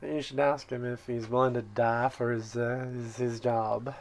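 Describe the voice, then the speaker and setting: A man's voice: mid-range voice, flat delivery, normal speed. A man running a tabletop game as game master, with dry, understated remarks. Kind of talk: casual tabletop game chat.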